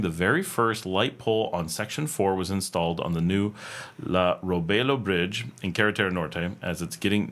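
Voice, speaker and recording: A man's voice: fairly low pitch, fairly bright tone. A man hosting a casual livestream from home, reading viewer comments aloud and answering them in a rambling, thinking-aloud way with many fillers and restarts. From United States. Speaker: livestream host. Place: home room with air conditioning.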